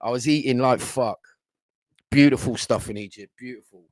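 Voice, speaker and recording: A man's voice: medium pitch, moderate pace, no echo. Sweary man chatting live. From England. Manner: blunt, swears a lot, loose storytelling. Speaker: livestream host. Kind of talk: casual livestream chat.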